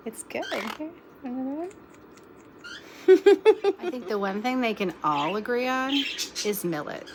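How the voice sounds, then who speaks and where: A young woman casually narrating a vlog about her pet birds at home. She laughs often and coos to them in a high sing-song voice. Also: lively intonation, unhurried, pauses often. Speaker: pet bird vlogger. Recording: loud bird chirping noise behind.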